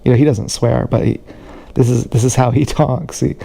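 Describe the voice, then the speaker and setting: A man talking in a casual rambling monologue on a livestream, halting with many restarts and repeated words, recorded on an action camera mic. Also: medium pitch, steady tone, gravelly, warm tone.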